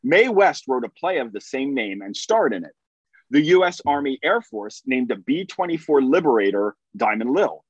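A man's voice: mid-range voice, very animated, normal speed, husky, no room sound, highs cut off. A man co-hosting a podcast, reading listener letters with amused asides. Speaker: podcast co-host.

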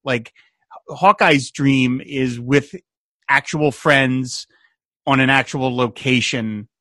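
A male podcast co-host with a mid-range voice takes things slowly, recorded with no room sound. He gives a casual, animated recap of a TV episode, quoting the characters in playful voices.

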